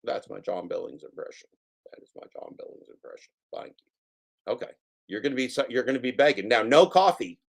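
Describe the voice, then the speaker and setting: A man's voice: medium pitch, sing-song, brisk, creaky. A man hosting a casual reaction stream, commenting on clips with playful, jokey mock warnings to his viewers.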